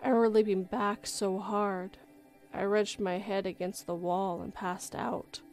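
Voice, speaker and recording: Casual woman host reading a creepy first-person tale, middle-pitched voice, faint music underneath. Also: a little slow. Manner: relaxed reading with frequent self-corrections. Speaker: story reader and livestream host. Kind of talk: reading a horror story aloud.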